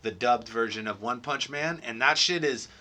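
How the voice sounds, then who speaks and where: A man co-hosting a casual podcast, with a very bright, sharp voice. He talks in loose, profane slang and throws in excited sound effects. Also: medium pitch, normal speed. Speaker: podcast co-host. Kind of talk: casual chat.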